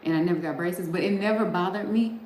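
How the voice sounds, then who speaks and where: This middle-aged livestream host speaks fast in a fairly low, slightly mellow voice, laughing often as she talks casually and straight to her live viewers. Faint background noise sits under a roomy-sounding recording.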